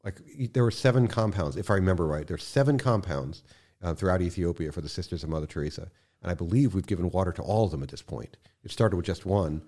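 Man, deep voice, dark mellow tone, impassioned podcast guest, swears, quiet then loud. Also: quick pace. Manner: swears freely, addresses host as man. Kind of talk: casual podcast conversation.

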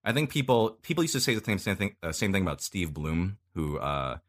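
Podcast guest, male voice actor, very low voice, unhurried and chatty. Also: sing-song. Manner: laid-back, explains at length with many pauses. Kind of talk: casual podcast chat.

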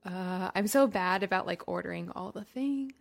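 A woman's voice: mid-range voice, normal speed, gravelly. A woman co-hosting a podcast, chatting casually, laughing often and explaining health topics. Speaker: podcast co-host.

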